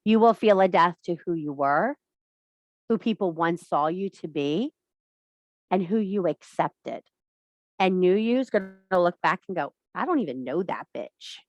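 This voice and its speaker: Speaking a little slowly and pausing often in a lowish voice, a middle-aged woman leads a women's workshop over a video call. Her casual workshop talk is blunt, emphatic, and heavy with swearing. The recording is muffled, with no echo.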